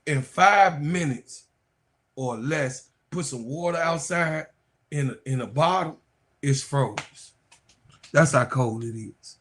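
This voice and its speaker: Husky-voiced man trash-talking on stream. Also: medium pitch, slow pace, long pauses. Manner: loud trash-talking, laughing, teasing chat. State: stuffed nose, coughing from a cold. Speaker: sports stream host. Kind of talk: casual live-stream reaction chat.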